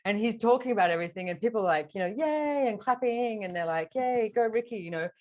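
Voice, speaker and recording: A woman's voice: medium pitch, a little mellow. A woman hosting a podcast interview, casually chatting, often agreeing with her guest and posing reflective questions. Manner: affirming, lots of quick agreement, rhetorical questions. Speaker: podcast host.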